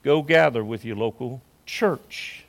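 A man preaching a sermon as pastor in a church, emphatic, swinging between loud declarations and hushed asides. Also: mid-range voice, slow, creaky. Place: church sanctuary.

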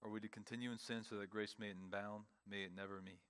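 A man preaching a sermon, emphatic, with pauses and repeated phrases, speaking to a congregation in a church. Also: lowish voice, little pitch movement, a bit bright, clean tone. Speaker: pastor.

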